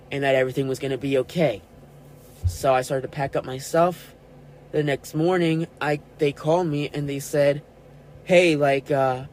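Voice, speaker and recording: A man's voice: medium pitch, a little hiss or hum, low-quality recording. A man in his twenties hosting a podcast, telling a personal story and acting out quoted arguments. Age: 20s. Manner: animated retelling with quoted dialogue. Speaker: podcast host.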